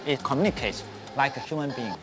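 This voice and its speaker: A man representing a company, explaining a robot product in a brisk, matter-of-fact way. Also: mid-range voice, background noise.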